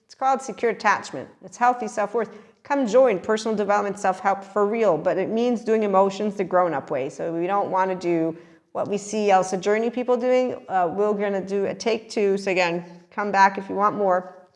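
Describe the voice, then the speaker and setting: A woman hosting a podcast, talking in a casual monologue, animated and laughing often as she talks to her listeners. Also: mid-range voice, moderate pace. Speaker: podcast host.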